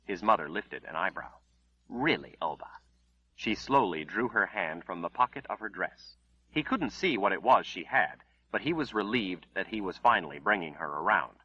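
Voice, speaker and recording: Husky low-voiced male audiobook narrator. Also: expressive, pushed and bright, dull audio. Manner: measured, dramatic storytelling. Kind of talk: scripted dramatic narration.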